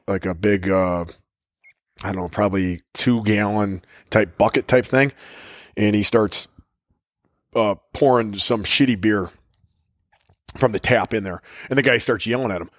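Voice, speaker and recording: A man's voice: lowish voice, no room sound, clean studio sound. A man co-hosting a casual podcast, telling stories, swearing freely and riffing on the topic. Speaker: podcast co-host. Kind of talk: casual chat.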